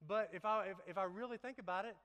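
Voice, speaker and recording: A man's voice: high-pitched, quick pace, fairly bright tone. A man preaching to his congregation, playful and laughing as he works a live demonstration into the sermon. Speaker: pastor. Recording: echoey hall reverb.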